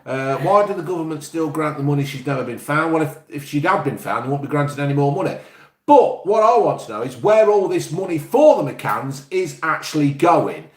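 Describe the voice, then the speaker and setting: A man's voice: fairly high pitch, lively intonation, fairly quick, reverberant. A man from the East Midlands hosting a live stream, reading viewer comments in a blunt, jokey, sweary way. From England, East Midlands.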